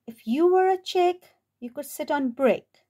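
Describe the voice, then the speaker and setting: A bossy little frog barks out his rules in a high, loud voice that leaps all over the place, as a woman reading a storybook puts him on. He sounds sure of himself and a little pushy, talking at an unhurried pace. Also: animated. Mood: smug. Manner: loud, shouting commands. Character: bossy rule-making male frog.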